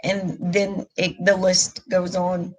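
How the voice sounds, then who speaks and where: Speaking openly and emotionally on a live stream, this middle-aged vlogger rambles and keeps starting over. Her fairly low voice is slow and monotone. The audio is poor.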